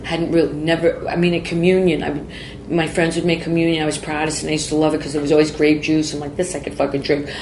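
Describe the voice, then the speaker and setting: A woman's voice: deep voice, little pitch movement, quick pace, darkish tone, a little hiss or hum. A woman in her forties, a podcast guest, telling a personal story with blunt, profane words and frequent self-interruptions. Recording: echoey room with faint ambience.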